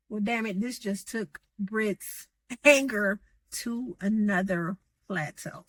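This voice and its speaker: A woman's voice: medium pitch, takes it slowly, dry recording. A woman giving a sassy, slangy recap of reality TV gossip, acting out what the cast said. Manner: sassy, animated, slangy, acts out quotes. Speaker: gossip commentator.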